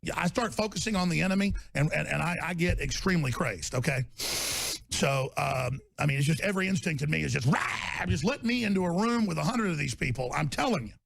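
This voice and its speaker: A man delivering an angry ranting monologue as a political commentator, swinging between low growled lines and fiery bellowed shouts. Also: expressive, a little fast, gravelly, slight background noise.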